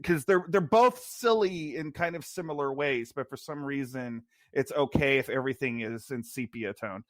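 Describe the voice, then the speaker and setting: A man's voice: medium pitch, moderate pace, few pauses, fairly bright tone, no echo, studio quality. A man co-hosting a podcast and discussing a film in a casual, rambling way, with many fillers and restarts. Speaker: podcast co-host.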